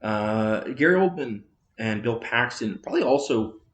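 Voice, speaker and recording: A man's voice: mid-range voice, animated, normal speed, a bit bright, roomy sound, dull audio. A man casually chatting about movies as a podcast host, rambling with many fillers and restarts.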